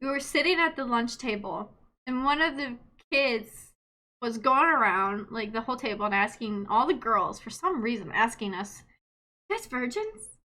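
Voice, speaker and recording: A woman in her late twenties, a streamer telling stories in casual chat, animated, laughing often and swearing freely. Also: a little high, moderate pace. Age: late 20s.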